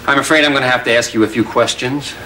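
An actor in a TV show playing a stiff, businesslike social worker official. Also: male voice, medium pitch, steady tone, fast talker, sharp tone, natural voice. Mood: formal. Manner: formal, businesslike. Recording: noisy TV clip audio.

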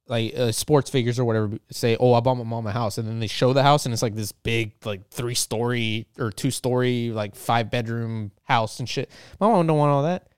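A man's voice: mid-range voice, smooth, no echo, studio quality. A man talking in a casual, rambling monologue, joking and swearing often, with lots of filler words. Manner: profane, joking, full of fillers.

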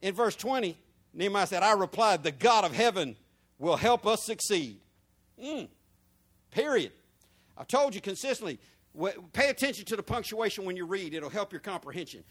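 Male pastor, high voice, sermon delivery that swings from murmurs to shouted peaks. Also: animated, moderate pace. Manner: preaching with shouted peaks and rhetorical questions.

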